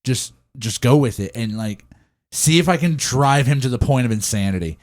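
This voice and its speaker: A man's voice: medium pitch, animated, normal speed, a little mellow. A young man co-hosting a podcast, rambling in casual chat, swearing freely and laughing often. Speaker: podcast co-host.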